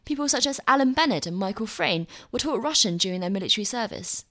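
A woman reading her own opinion column aloud with a wry, lively delivery. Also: fairly high pitch, fast talker.

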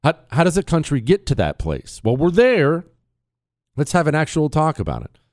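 A man's voice: a little high, normal speed, no echo. Guy hosting a talk show, voice all over the place, dry studio sound. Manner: animated, laughs at his own stories. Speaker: radio talk show host. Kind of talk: casual storytelling monologue. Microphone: studio mic.

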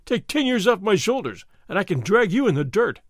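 A man voicing a proud, blunt older friar with a deep voice, firm and defiant, in an audiobook reading. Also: big pitch swings, brisk, no echo, clean studio sound. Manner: firm, defiant, plain-spoken.

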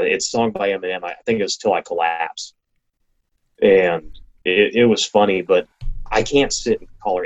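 A man who works as a racing announcer, talking casually as an interview guest and describing his work with enthusiasm and frequent restarts. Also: on the low side. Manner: enthusiastic, talks in quick bursts with restarts. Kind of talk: casual conversation. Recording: lo-fi, slightly dull sound.

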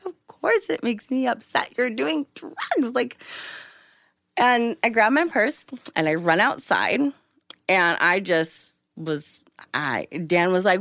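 A woman casually telling a personal story in an interview, acting out quoted lines with big jumps in pitch. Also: lively intonation, slow pace, vocal fry, a bit bright, no room sound, clean studio sound. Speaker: interview guest.

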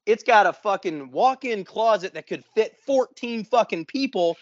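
This man's voice sits high and moves at a moderate pace as he co-hosts a podcast, telling a story in casual chat. He swears constantly and animatedly acts out quotes, and the audio is dull with no echo.

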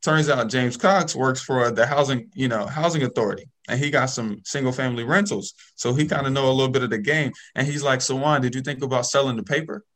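Guy telling his real estate start story, casual and animated, keeps going "okay?". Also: medium pitch, brisk, hardly any pauses. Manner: animated, checks in with "okay?" and "right?". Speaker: guest, real estate investor.

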